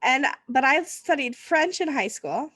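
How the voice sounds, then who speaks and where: A woman's voice: high-pitched, lively intonation, measured pace, a bit bright, no echo. A woman, hosting a casual interview chat and laughing often. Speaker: podcast host.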